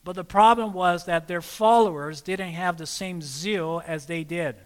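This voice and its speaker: A man preaching a sermon, often pausing to let listeners fill in the next word and calling them friends. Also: high-pitched, clean tone, big-room sound.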